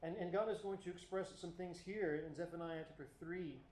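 A middle-aged male pastor preaching a sermon, moving between quiet asides and emphatic points. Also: high-pitched, fairly even intonation, brisk, roomy sound, a little hiss or hum. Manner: expository preaching, swings from soft asides to emphatic lines.

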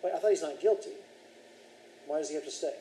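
A man teaching a Bible class in a roomy, echoing hall with a faint hiss behind him. His voice sits a little high for a man but sounds mellow and relaxed as he reads scripture, explains it and questions his students. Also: fast talker.

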